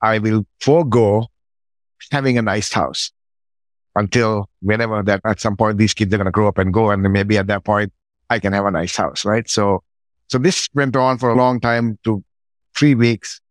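A middle-aged man, a podcast guest, telling a personal story in a relaxed conversational way and acting out his own side of past conversations. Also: fairly low pitch, normal speed, no room sound.

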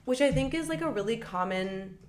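A woman's voice: a little high, expressive, brisk. A young woman co-hosting a casual gossip podcast, upbeat and chatty, laughing often. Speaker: podcast co-host. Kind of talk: casual celebrity gossip chat.

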